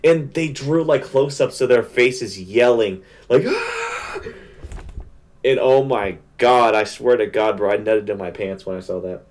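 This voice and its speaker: A young man giving a casual spoiler recap of an anime, talking in an excited, slang-heavy rush. His voice sits at an everyday middle pitch, and he piles up fillers as he goes. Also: normal speed, hardly any pauses. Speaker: anime reviewer.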